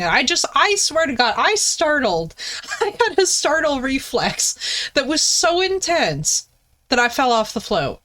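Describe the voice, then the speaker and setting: This woman streamer's voice sits high as she tells an animated, sweary story in casual chat, often breaking into laughter and jumping sharply in pitch. She talks at a normal speed.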